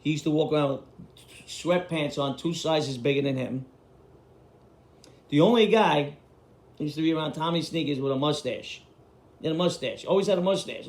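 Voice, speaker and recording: New guy spinning street stories, swears a lot, kinda high voice, echoey room. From Queens, New York. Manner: blunt, profane street talk. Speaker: storyteller host. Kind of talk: casual storytelling. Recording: roomy echo.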